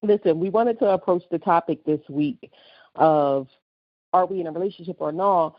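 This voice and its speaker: A woman's voice: lowish voice, normal speed, no echo, muffled recording. A woman co-hosting a casual podcast chat, telling stories with lots of laughter. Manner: animated storytelling, laughs a lot. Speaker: podcast co-host.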